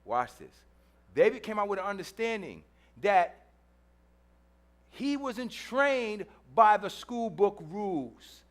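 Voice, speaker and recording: A man's voice: sits high, animated, slow. A man preaching a sermon in a church, telling a story with humor, acting out the people in it and repeating phrases for emphasis. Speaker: pastor.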